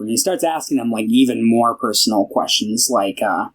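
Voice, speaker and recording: A young man chats through a film's plot on a casual podcast. He rambles and stops to act out each character's lines. His pitch sits at an ordinary middle level. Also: brisk, few pauses, husky, poor audio. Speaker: podcast co-host. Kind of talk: casual film podcast chat.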